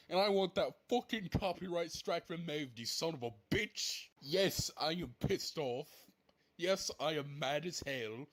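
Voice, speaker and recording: A man delivering an angry, repetitive video rant, swearing and shouting at those he blames. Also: on the high side, lively intonation, unhurried. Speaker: online ranter.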